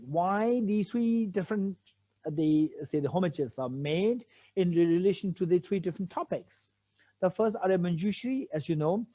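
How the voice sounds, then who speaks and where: With a mellow voice that sits high, a man patiently explains a Buddhist text while teaching a sutra commentary. He repeats key phrases and asks rhetorical questions.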